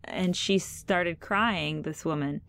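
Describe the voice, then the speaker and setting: Low-voiced woman telling a story. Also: slow, vocal fry, a bit bright, no room sound. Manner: chatty storytelling with fillers and restarts. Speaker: podcast host. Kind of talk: casual podcast interview.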